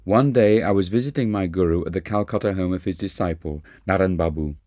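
A man narrating an autobiography audiobook in a calm, measured reading. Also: low voice, dry recording, clean studio sound. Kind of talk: scripted narration.

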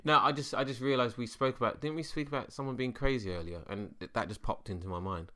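A man co-hosting a podcast in casual chat, an animated storyteller who swings his voice around. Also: medium pitch, fast talker. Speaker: podcast co-host.

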